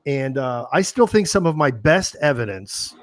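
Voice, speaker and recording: A man hosting a paranormal interview show, chatting eagerly with his guest and talking in quick bursts with restarts. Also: mid-range voice, sing-song, no echo. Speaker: host. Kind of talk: casual interview chat.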